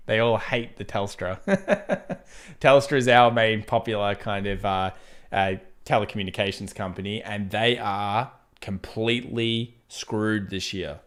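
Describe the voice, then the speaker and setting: A man's voice: fairly low pitch, a little slow. A young Australian man with an Australian accent, hosting a casual live trading stream and chatting easily as he goes through charts and viewer questions. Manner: chatty, laid-back, laughs easily while reading chat. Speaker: trading livestream host. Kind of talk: casual live market commentary.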